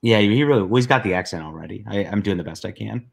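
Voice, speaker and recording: A man's voice: on the low side, fast, gravelly, breathy edge. Man joking through a co-hosted podcast. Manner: reads a message aloud in a put-on mocking voice, laughing. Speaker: podcast co-host. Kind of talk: casual mocking commentary.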